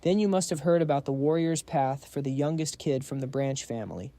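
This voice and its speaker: A man voicing a scheming old head elder, smooth and sarcastic. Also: mid-range voice, fairly quick, mellow, lightly acted. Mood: sly.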